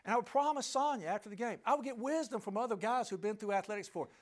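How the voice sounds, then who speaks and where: A man's voice: high voice, rapid-fire. A middle-aged man telling a personal story to an audience, emphatic and asking listeners rhetorical questions. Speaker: speaker addressing an audience.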